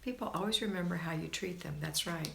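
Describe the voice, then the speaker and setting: A woman's voice: lowish voice, fast talker, creaky, fairly bright tone, a little hiss or hum. A woman hosting a live question-and-answer talk, speaking earnestly and rambling with restarts. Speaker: host.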